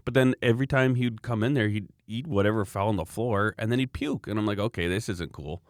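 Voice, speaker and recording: Low-voiced man, rambling wry chat. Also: steady tone, quick pace, no echo, studio quality. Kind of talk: casual chat.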